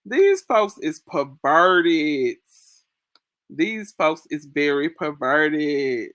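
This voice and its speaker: A woman's voice: fairly low pitch, animated, slow, no echo, clean studio sound. Laid-back woman chatting on a livestream. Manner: chatty, laughs often, slangy asides to viewers. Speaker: livestream host. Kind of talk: casual live chat reading viewer comments. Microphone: phone.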